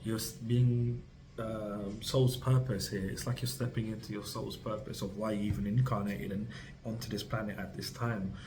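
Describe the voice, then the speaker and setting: A man's voice: lowish voice, flat delivery, moderate pace, darkish tone, faint music behind, poor audio. A man giving a tarot reading to camera, rambling and reassuring, speaking straight to the listener with many fillers and restarts. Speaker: tarot reader.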